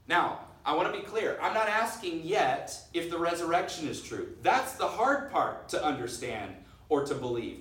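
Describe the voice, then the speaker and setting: Earnest male pastor preaching in a roomy hall. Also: on the high side. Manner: earnest, drops to a hush on key phrases. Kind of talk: sermon. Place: church sanctuary. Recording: roomy sound from far off.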